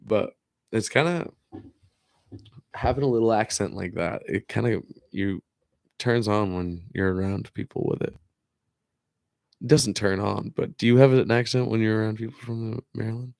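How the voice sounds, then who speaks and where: A young man with a low, gravelly voice hosts a podcast in easygoing chat. He is laid-back, laughs often and leans on "like" and "dude". The sound is dry and close. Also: normal speed, long pauses, darkish tone, no echo. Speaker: podcast host. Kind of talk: casual chat.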